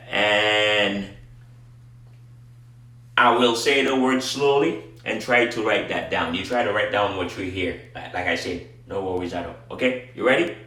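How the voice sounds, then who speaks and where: A man's voice: fairly low pitch, pushed and bright. A man teaching a language lesson, sounding out syllables one by one and repeating each word for a dictation. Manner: spells sounds out letter by letter, repeats words. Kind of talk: slow pronunciation drill and dictation. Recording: echoey room.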